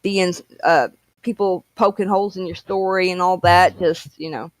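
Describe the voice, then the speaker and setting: A woman's voice: lowish voice, fairly even intonation, normal speed, no room sound, poor audio. A woman co-hosting a casual chat show, easygoing and rambling with lots of fillers. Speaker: co-host.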